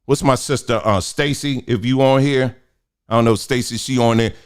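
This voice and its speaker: A middle-aged man, hosting a casual livestream and talking in an animated, preachy, colloquial way. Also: mid-range voice, moderate pace, clean tone. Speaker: host.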